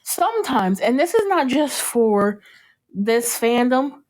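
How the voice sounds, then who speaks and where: A young adult woman hosts a podcast, chatting casually in a voice on the high side at a slow pace. She tells stories animatedly, acts out scenes from a show, and laughs frequently.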